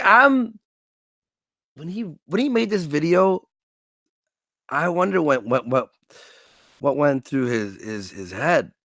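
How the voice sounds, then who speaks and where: A man's voice: medium pitch, no echo. A man talking on a stream, swearing freely and acting out little scenes with different voices. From Canada. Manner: animated, profane, acts out scenes in funny voices. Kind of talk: casual stream commentary.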